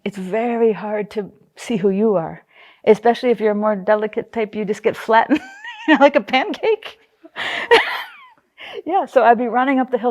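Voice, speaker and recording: Animated woman telling stories with laughter. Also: fairly high pitch. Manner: animated storyteller, acts out quoted voices, laughs often. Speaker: psychology teacher. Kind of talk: casual teaching talk with personal stories.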